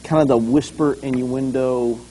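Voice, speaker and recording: A man's voice: mid-range voice, moderate pace, a little hiss or hum. A man preaching a conversational sermon as a pastor, acting out scenes along the way. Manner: animated, conversational, acts out scenes.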